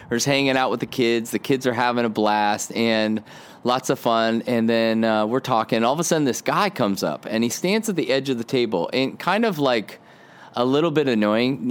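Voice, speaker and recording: A man who pastors, hosting a casual devotional podcast from outdoors on a windy day, talking in a relaxed, rambling way with many fillers. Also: mid-range voice, smooth.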